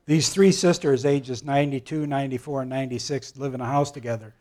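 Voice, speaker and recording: A man teaching a Bible class, telling jokes to older listeners in a halting manner full of fillers and restarts. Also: medium pitch, steady tone, darkish tone. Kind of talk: joke-telling Bible lesson.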